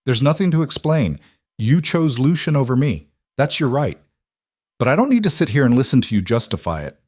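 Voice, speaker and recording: A man voicing a cold, controlled mafia boss, in a clipped, even manner. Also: medium pitch, fairly quick, slightly rough, dry recording, clean studio sound, voice pushed up. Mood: dismissive.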